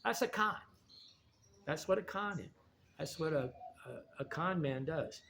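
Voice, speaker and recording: A man's voice: a little high, lively intonation, measured pace, gravelly, a bit bright, a little hiss or hum. A man talking in a rambling, digressive monologue, often restarting his sentences. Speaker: video essayist.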